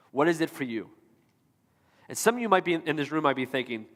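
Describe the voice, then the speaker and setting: A man's voice: a little high, big pitch swings, brisk, a bit bright, long reverb tail. A man pastor delivering a sermon, preaching emphatically and repeating rhetorical questions to the congregation. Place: church auditorium.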